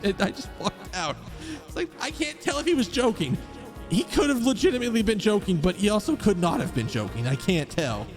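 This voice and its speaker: A man's voice: high voice, big pitch swings, brisk, soft background music. A man streaming a game, telling a rambling, profane story in a casual way. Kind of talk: casual storytelling while gaming.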